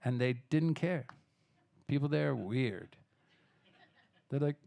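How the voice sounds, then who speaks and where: A man's voice: mid-range voice, measured pace, gravelly, pauses often, warm tone. A man from Texas, a singer-songwriter in a live music club, rambling loosely between songs, restarting himself and swearing casually. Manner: loose, chatty, self-interrupting, swears casually.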